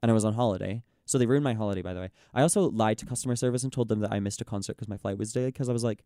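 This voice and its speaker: A young man in casual chat, ranting in an exasperated, animated way and mimicking the people he quotes. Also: lowish voice, rapid-fire, hardly any pauses, dry recording, studio quality. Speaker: podcast host.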